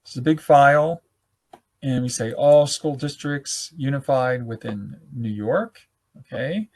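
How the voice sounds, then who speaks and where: A man presenting a live webinar, walking viewers through a software demonstration in an informal, self-correcting way, thinking aloud and a little hoarse as he loses his voice. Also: medium pitch, unhurried. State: losing his voice.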